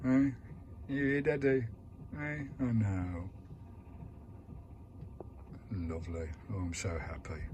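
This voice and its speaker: British vanlife vlogger, chatty and doting, recorded outdoors with a noisy background. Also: male voice, lowish voice, fairly even intonation, slow pace, long pauses. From United Kingdom. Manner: chatty, doting, talks fondly to his dog. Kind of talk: casual vlog chat. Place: in and around a camper van at a campsite.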